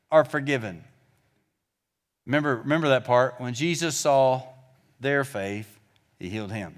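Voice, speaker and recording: A man preaching a sermon as a guest preacher, retelling Scripture in a lively, joking, conversational way as he walks around. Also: a little high. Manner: reads the Scripture aloud and then retells it in plain talk; gets the congregation to respond together.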